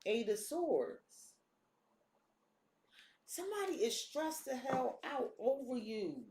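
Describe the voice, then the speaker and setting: A woman's voice: sits high, sing-song, takes it slowly, a little mellow, slight background noise. A woman doing a casual tarot reading, talking bluntly and cursing freely. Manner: blunt, profane, streetwise talk. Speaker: tarot reader. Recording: echoey room.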